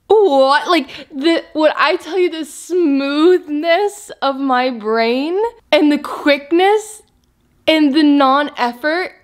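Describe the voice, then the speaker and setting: A chatty young woman vlogging casually to her viewers. Her voice sits a touch high and she rambles, excitable and emotional. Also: slow. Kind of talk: casual diet vlog chat.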